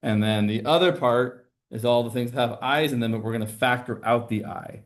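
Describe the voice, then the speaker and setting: A man teaches a math lesson in a relaxed, conversational way. He explains each step as he writes on the board. His voice sits at an ordinary middle pitch. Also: fairly quick. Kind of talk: classroom lecture.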